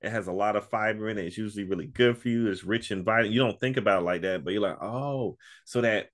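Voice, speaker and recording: Deep-voiced laid-back man. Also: racing, fairly bright tone. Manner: laid-back storyteller, laughs often. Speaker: podcast guest and co-host of another podcast. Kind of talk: casual interview chat.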